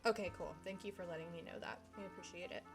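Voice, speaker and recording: Video game music plays while this Texas streamer keeps up a casual conversation with her chat during gameplay. She's a fast talker with a lowish voice.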